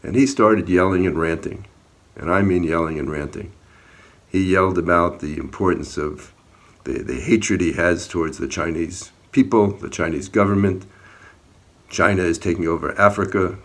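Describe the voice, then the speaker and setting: A man's voice: deep voice, moderate pace. A man giving an earnest personal account in a video, talking about an encounter outdoors, speaking plainly and sometimes heatedly. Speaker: activist recounting an encounter.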